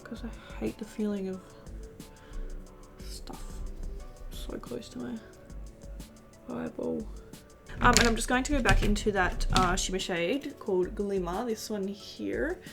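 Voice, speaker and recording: A woman's voice: medium pitch, unhurried, gravelly, pauses often, music in the background. A 19-year-old woman, a beauty vlogger, chatting casually while doing her makeup, gushing and rambling with lots of fillers.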